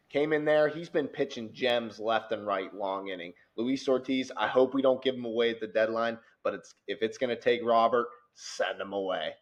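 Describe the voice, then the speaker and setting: A man co-hosting a casual sports show, talking animatedly and growing louder as he rants. His voice sits at a middling pitch. The recording sounds dull and lo-fi. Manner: animated, gets loud and worked up. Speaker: podcast co-host.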